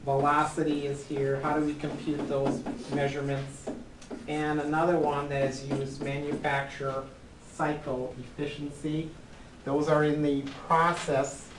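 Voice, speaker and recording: A man's voice: on the high side, level tone, measured pace, background noise. A man teaching a college class, lecturing with frequent ums and "right?" checks. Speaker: college accounting instructor.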